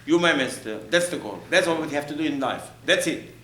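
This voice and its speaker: A man's voice: fairly high pitch, animated, fairly quick, bright, forceful tone, reverberant, slight background noise, low-quality recording. A male rabbi giving an emphatic Torah lecture, repeating phrases, asking rhetorical questions and mixing in Hebrew terms. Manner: mixes in Hebrew and Aramaic terms.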